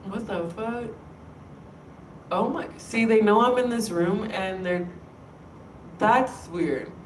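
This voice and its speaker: This woman speaks slowly at medium pitch, her voice distant from the mic in an echoey workplace room with a little hiss or hum. She's a vlogger ranting casually, emphatic and laced with profanity.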